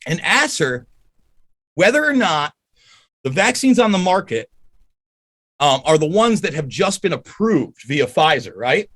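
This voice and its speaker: A man's voice: on the high side, big pitch swings, unhurried, long pauses, a bit bright. A man as a podcast guest, ranting angrily and profanely in an emphatic, heated way.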